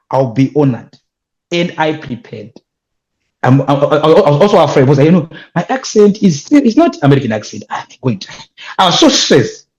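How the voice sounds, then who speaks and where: A young man with a Zimbabwean accent telling his story as an interview guest, animated and emphatic, repeating words when excited. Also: fairly high pitch, poor audio. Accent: Zimbabwean English. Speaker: guest, youth leadership speaker.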